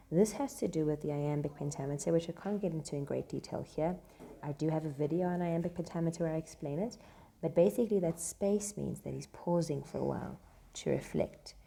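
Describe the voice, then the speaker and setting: Low, mellow-voiced woman tutor. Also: fairly quick, creaky. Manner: chatty, many fillers, asks "right?". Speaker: literature tutor. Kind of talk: casual explanatory lesson with read-aloud quotes. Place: classroom with noise around.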